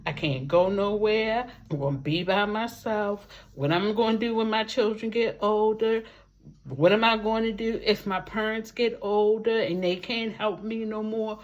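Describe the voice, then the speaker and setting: A woman's voice: mid-range voice, fairly even intonation, a little slow, muffled recording. A woman speaking to her viewers in a personal testimonial, talking emphatically, repeating words for effect and dropping folksy asides. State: living with a disability, wheelchair user. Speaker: vlogger sharing her life with a disability. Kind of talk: personal testimonial talk to camera.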